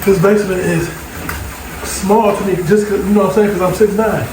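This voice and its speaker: A man's voice: sits high, steady tone, a little fast. A middle-aged father casually vlogging to camera in a small home basement, rambling and talking straight to his viewers, filmed on a phone. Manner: loose, rambling, chatty, addresses viewers directly. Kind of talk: casual vlog chat to camera. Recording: echoey basement with loud background noise.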